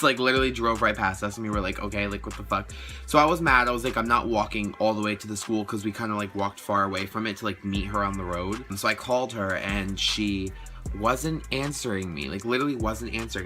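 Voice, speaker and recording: A teenage young man telling a storytime vlog in a casual, indignant way, swearing a lot and saying "like" constantly. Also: lowish voice. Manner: casual, heavy swearing, lots of "like"; indignant, animated retelling. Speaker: vlogger.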